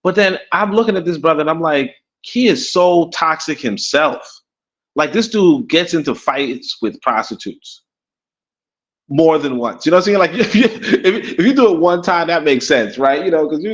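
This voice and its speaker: A Caribbean-born man sits in as a talk show co-host, riffing in a loose, rambling way full of restarts and chuckles. His voice sits a little high for a man. The sound is dull and lo-fi, like a muffled online call. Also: normal speed. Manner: rambling, animated, many restarts and laughs. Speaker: podcast co-host. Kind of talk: casual opinion talk. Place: in Africa.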